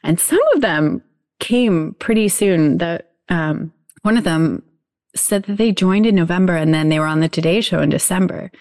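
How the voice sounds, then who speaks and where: Enthusiastic woman, lower voice. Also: normal speed, darkish tone. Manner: enthusiastic, agreeable, laughs easily. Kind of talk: casual chat.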